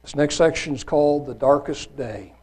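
A man's voice: on the high side, normal speed, a little mellow. A man preaching a sermon, reading scripture aloud in an earnest, grave way with a few restarts.

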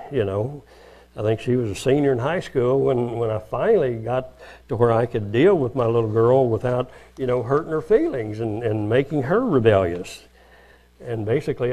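An older man delivers a homespun sermon at a middle pitch. He talks casually and jumps into bits of acted-out conversation. His delivery stays plain and easygoing, like a preacher talking to his congregation. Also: warm tone. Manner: folksy and conversational, acting out quoted dialogue.

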